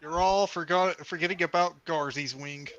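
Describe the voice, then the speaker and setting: A man chiming in quietly and offhand during a casual chat with friends. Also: on the high side, fairly even intonation, moderate pace, dull audio. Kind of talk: casual banter among friends.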